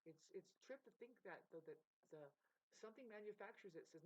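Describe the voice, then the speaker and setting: A woman ranting to her viewers, rambling and swearing as she swings between loud outbursts and low mutters. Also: lively intonation, a little fast, slightly rough. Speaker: vlogger. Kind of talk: emotional unscripted rant to camera. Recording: dull lo-fi recording.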